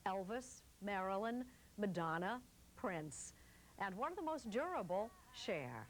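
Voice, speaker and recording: A woman TV news correspondent narrating a profile in a measured, polished scripted style. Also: mid-range voice, very animated, a little hiss or hum, rough recording.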